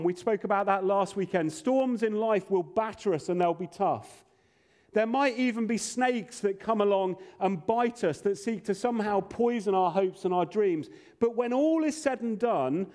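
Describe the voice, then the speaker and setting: High-voiced, mellow-toned man preaching. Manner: earnest preaching with playful asides. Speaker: pastor. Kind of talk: sermon.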